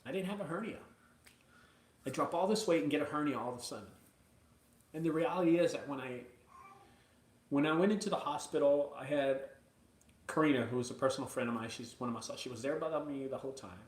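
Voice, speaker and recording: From his mother's house, a junk removal business owner hosts a live video, chatting excitedly and casually with viewers and rambling between hype and emotion. His voice is fairly high and brisk, with long pauses, in a reverberant space.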